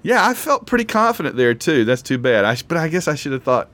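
A man's voice: on the high side, very animated, fast talker, fairly bright tone. A man hosting a casual trivia quiz, rambling and self-deprecating as he reads questions and reacts. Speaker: quiz host.

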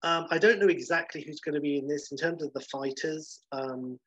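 Enthusiastic man with a husky voice. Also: on the high side, fairly quick. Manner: animated, enthusiastic, chatty with many fillers. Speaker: podcast co-host. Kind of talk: casual chat. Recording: muffled lo-fi audio.

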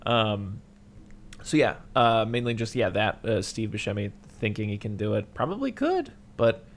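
A young man in casual conversation about a film, animated and swearing freely, often jumping into loud, high-pitched impressions of the characters. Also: moderate pace, slight background noise. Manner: animated, acts out quotes with sudden loud high jumps. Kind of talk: casual movie discussion.

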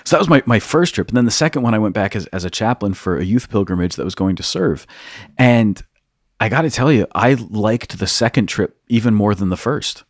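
Low-voiced priest telling a lively story. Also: male voice, fairly quick, no room sound, studio quality. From United States, East Coast. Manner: animated storyteller, acts out quotes, laughs often. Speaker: priest and podcast host. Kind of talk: storytelling in casual conversation.

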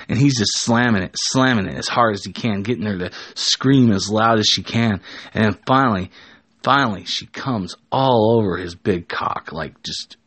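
A man with a low, husky voice narrates an improvised story in a relaxed, casual way. He often restarts and corrects himself mid-sentence, and his voice sounds dry and close to the mic. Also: normal speed, no echo. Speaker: storyteller and show host.

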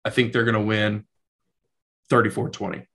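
A man's voice: on the low side, level tone, normal speed, gravelly, sharp tone. Laid-back profane podcast guy. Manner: laid-back, profane, uses lots of fillers like "like" and "man". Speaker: podcast co-host. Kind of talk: casual chat about sports and whiskey tasting.

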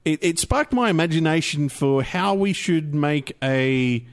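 A man's voice: a little high, animated, unhurried. An Australian man co-hosting a casual podcast in an easygoing, agreeable way. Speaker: podcast co-host.

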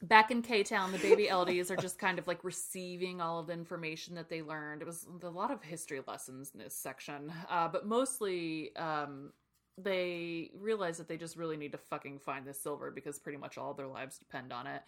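A woman's voice: low voice, brisk, a bit bright. A woman co-hosting a podcast, casually recapping a book chapter with lots of laughter and acted-out character voices. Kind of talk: casual chat.

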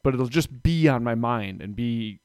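A man's voice: mid-range voice, unhurried, no room sound. Thirties man telling family stories casually, dry recording. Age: 30s. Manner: rambling, animated retellings with voices for his kids. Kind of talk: casual chat.

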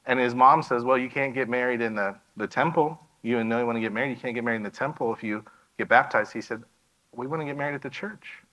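A missionary man tells a story to a church, with a bright, forward voice at an ordinary pitch for a man. He acts out the dialogue of the people in his story with lively energy. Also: fast, poor audio. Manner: animated storyteller acting out quoted dialogue.

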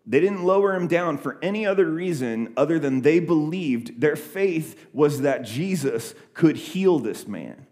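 A man's voice: fairly high pitch, expressive, a little slow, few pauses, a little mellow. A young adult man preaching a sermon, retelling a scripture story in a loose conversational way with many fillers and restarts. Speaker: pastor.

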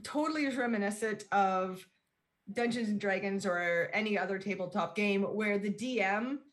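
A woman's voice: medium pitch, moderate pace. A woman co-hosting a casual podcast, rambling as she retells a movie scene and loosely acts out the characters. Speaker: podcast co-host.

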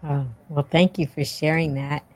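Low-voiced woman hosting a chat show. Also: level tone, normal speed, rough recording. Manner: chatty, with frequent restarts. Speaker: podcast host. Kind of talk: casual interview chat.

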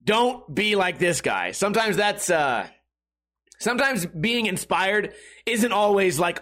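High-voiced young man, sarcastic rant. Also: big pitch swings, measured pace, pushed and bright. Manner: profane, sarcastic, rambling. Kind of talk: casual comedic rant.

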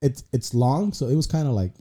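Dark-voiced rambling guy. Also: mid-range voice, expressive, brisk. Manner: rambling storyteller, slangy, peppered with 'bro'. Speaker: guest comedian. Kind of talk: casual podcast chat.

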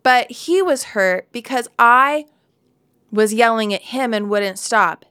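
A woman in her forties teaches from the Bible in a candid, storytelling way, laughing at herself and wandering into asides. Her voice is smooth and clear, sitting a little high. The studio sound is close and dry. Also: expressive, slow, bright, forceful tone, no echo. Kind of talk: devotional Bible teaching talk.

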